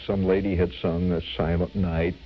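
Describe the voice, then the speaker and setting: An older man telling a childhood memory as a vivid, animated radio storyteller. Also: deep voice, normal speed, lo-fi sound, slight background noise.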